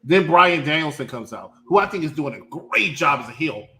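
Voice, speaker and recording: A man hosts a casual wrestling review with a loud, mocking manner. His voice sits high and bright. He often mimics others in a squeaky voice. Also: lively intonation, fairly quick, rough recording. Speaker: show host.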